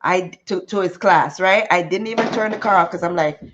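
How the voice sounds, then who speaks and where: A woman's voice: on the low side, a little fast, a little hiss or hum. Chatty woman livestreamer, muffled audio. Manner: animated, chatty, greets viewers mid-story. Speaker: livestream host. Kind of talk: casual storytelling livestream.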